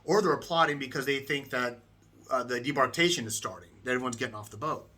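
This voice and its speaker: Speaking fast at a medium pitch, a middle-aged American man with a slightly rough voice shares a travel tale casually. He brings it to life animatedly, imitating the people he met.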